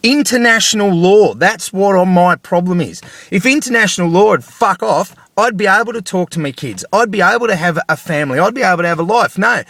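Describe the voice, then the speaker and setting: A man's voice: sits high, expressive, fairly quick, hardly any pauses, a bit bright, no echo. A middle-aged man with an Australian accent, ranting angrily to camera with lots of swearing and repeated rhetorical questions. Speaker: vlogger. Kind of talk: angry ranting monologue.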